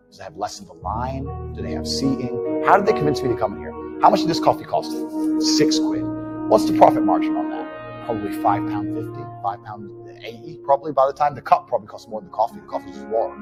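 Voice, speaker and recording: A man's voice: medium pitch, sing-song, fairly quick, loud music behind the voice. Brash, blunt man lecturing. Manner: brash, blunt and profane, acts out quoted dialogue. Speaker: entrepreneur speaking on money. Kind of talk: motivational monologue.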